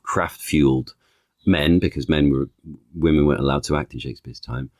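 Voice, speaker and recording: A man, an actor and author, talking as a podcast guest in a thoughtful, halting way, piling up analogies with many restarts. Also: very deep voice, steady tone, darkish tone, no room sound, studio quality. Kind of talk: conversational podcast interview.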